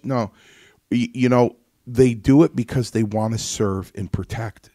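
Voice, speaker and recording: A man's voice: mid-range voice, steady tone, normal speed, mellow, no echo, studio quality. A man hosting a casual talk show who tells rambling stories and often restarts his sentences. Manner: rambling storyteller, lots of restarts. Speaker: host.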